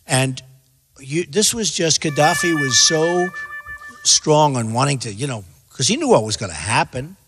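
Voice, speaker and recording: A man's voice: a little high, animated, a little slow, fairly bright tone, a little hiss or hum. Rambling, emphatic man in an echoey hall. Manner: repetitive, emphatic, digressive. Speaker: candidate answering questions. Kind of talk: rambling stump-speech answers.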